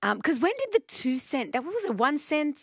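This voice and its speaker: A woman's voice: sits high, big pitch swings, moderate pace, crowd noise. An Australian woman hosting casual talkback radio, bubbly and chatty, laughing often. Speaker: radio host.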